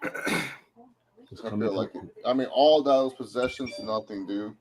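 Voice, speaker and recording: A young man co-hosting a casual sports watch-along, loud and swearing as he heckles the players. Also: mid-range voice, slow. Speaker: co-host.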